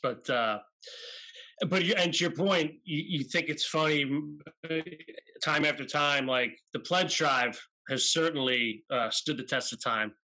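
A man co-hosting a casual interview, his voice bright and a little high. He asks questions like an eager fan and stumbles through fillers and restarts. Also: unhurried, low-quality recording. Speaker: podcast co-host.

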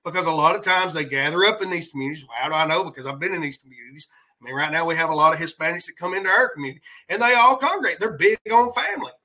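A man's voice: on the high side, lively intonation, rapid-fire, bright, forceful tone, low-quality recording. A man hosting a podcast, giving rambling, heated political commentary in a colloquial way. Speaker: podcast host.

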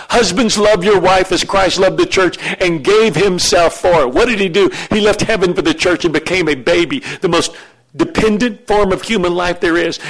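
A man's voice: sits high, a bit bright. A middle-aged man preaching a sermon as pastor, acting out questions from the congregation and answering them.

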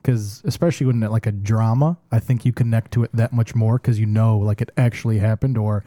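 A man's voice: lowish voice, steady tone, warm tone, no echo, studio quality. A man in a casual podcast chat, talking in a rambling way full of "like" fillers. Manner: rapid, rambling, many "like" fillers.

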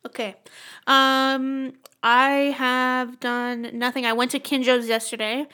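High, bright-voiced young woman ranting. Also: slow pace. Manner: profane, animated storytelling with exaggerated reactions. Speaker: podcast co-host. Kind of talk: casual chat.

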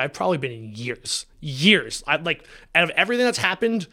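A young man from Canada, a guest telling a story in casual chat, animated, acting out the quotes and swearing freely. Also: fairly high pitch, fairly quick, few pauses. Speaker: podcast guest, drinks founder.

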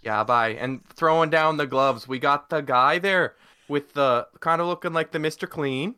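A man's voice: on the high side, moderate pace, bright, forceful tone, clean tone. A Canadian man co-hosting a podcast, playful and teasing, with showy intros. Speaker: podcast co-host. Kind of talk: casual podcast chat.

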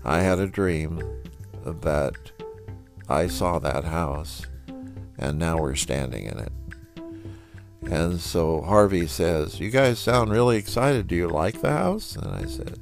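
Male storyteller, low and gravelly, conversational, acts out the dialogue. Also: takes it slowly, pauses often, soft background music. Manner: relaxed, conversational with quoted dialogue. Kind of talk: personal storytelling.

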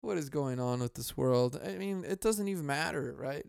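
A young man hosts his podcast alone, ranting casually with heavy swearing and frequent laughs. His voice sits fairly high and sounds smooth and resonant. The mic is close in a dry, dead room. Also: animated, moderate pace, few pauses, no room sound. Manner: profane, rambling, laughs often. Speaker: podcast host.

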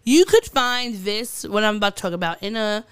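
Amid crowd noise, a woman with a medium-pitched voice speaks at a moderate pace as she co-hosts a podcast. She shares odd news stories in a casual, giggly chat that rambles along with fillers and restarts.

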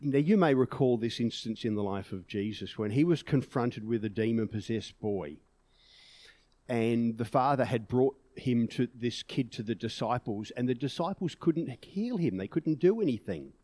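A man's voice: medium pitch, lively intonation, moderate pace, warm tone, no echo. A man preaching a sermon in an earnest way, pushing emphatic peaks on key words.

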